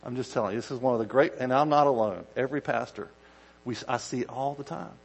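A male pastor giving a conversational sermon, dropping to quiet asides and rising to loud acted-out shouts. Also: mid-range voice, quick pace, gravelly, slightly rough, rough recording.

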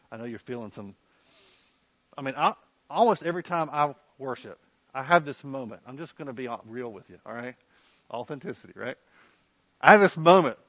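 A man's voice: on the high side, fairly bright tone, no room sound, low-quality recording. A man preaching as pastor, candid and conversational, often checking in with his listeners. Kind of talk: sermon.

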